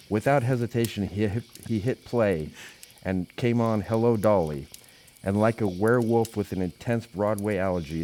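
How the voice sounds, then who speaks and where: A man, a podcast host, narrating a comedic spooky story in a deadpan voice that keeps cracking into laughter. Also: deep voice, slight background noise.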